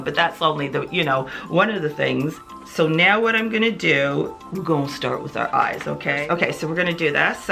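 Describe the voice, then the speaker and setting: A woman's voice: low voice, gravelly, bright, forceful tone. A woman beauty vlogger telling a long story while doing her makeup, rambling and repeating herself as she goes. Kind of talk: get-ready-with-me storytelling.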